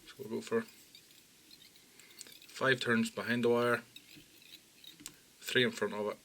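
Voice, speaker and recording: Man, calm tutorial voice, plain instructions, quiet moments, faint background noise. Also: medium pitch. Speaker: fly-tying instructor. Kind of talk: step-by-step tutorial narration.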